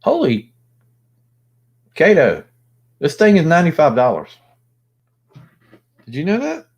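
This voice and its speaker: A man's voice: a little high, huge pitch swings, measured pace, slightly rough. A man hosting a casual live chat, rambling and thinking aloud with plenty of fillers. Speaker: host.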